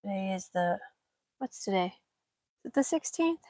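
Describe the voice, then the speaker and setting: A middle-aged woman vlogger chats casually while potting seeds in a greenhouse, stopping now and then to talk to her pets. Her medium-pitched voice is animated and somewhat dark in tone, at a normal pace, with no room sound.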